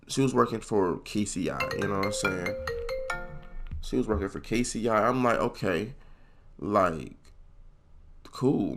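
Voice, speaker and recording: A young guy recounts a funny story from his school years, speaking loosely with plenty of slang and swearing. Whenever he quotes someone, he jumps up into a high-pitched voice.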